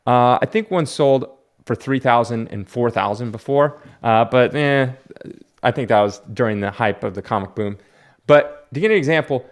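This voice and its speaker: Brief: casual male vlogger, rambling storyteller, average pitch. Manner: chatty, rambling storyteller with frequent fillers and restarts. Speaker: comic book collector vlogger. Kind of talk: casual vlog chat.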